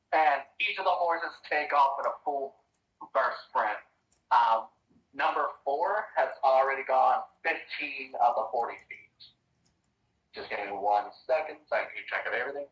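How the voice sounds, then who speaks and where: A man's voice: medium pitch, moderate pace, a bit bright, echoey room, recorded from a distance, highs cut off. A man acting as dungeon master in an online tabletop game, tracking bets and dice rolls aloud with casual asides.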